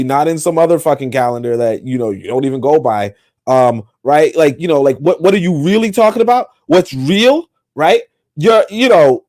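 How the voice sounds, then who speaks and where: A man's voice: a little high, a little mellow. Exasperated, rambling man on a livestream. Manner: exasperated, rambling, swears often, heavy fillers. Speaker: podcast host. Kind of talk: livestream monologue.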